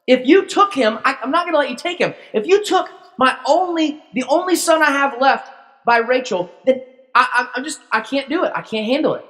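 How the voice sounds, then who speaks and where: A man's voice: very high voice, expressive, a little fast, fairly bright tone, voice pushed up. A man voicing a distraught aging father who pleads and stammers in panic, in a reverberant hall. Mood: frantic, anguished. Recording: long church-hall reverb.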